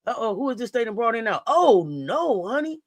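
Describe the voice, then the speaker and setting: A woman hosting a live basketball watch-along, reacting out loud and talking straight to the players. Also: fairly high pitch, sing-song, a little fast, no room sound. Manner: exclamatory, talks straight to the players. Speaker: sports watch-along host. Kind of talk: live game reaction commentary.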